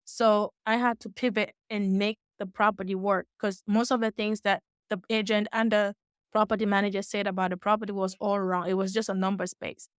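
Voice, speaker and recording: A woman tells her own story as an interview guest. She acts out the quotes of the people in it and corrects her small slips as she goes. Her voice sits at a middle pitch, and the recording is dry with little room sound. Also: clean tone, no echo. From West Africa. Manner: animated retelling with acted-out quotes and quick self-corrections. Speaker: guest, real estate investor.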